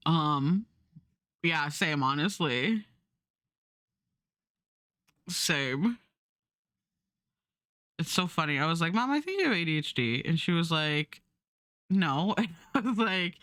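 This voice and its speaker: A woman's voice: deep voice, expressive, takes it slowly, pauses often, a bit bright, no echo, clean studio sound. A young adult woman streaming, chatting casually and rambling while she draws, swearing now and then.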